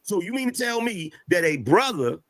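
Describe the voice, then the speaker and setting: A man's voice: high-pitched, very animated, a bit bright, dry recording, poor audio. A man arguing in a heated podcast debate, stammering through restarts. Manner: stammering, argumentative, halting restarts.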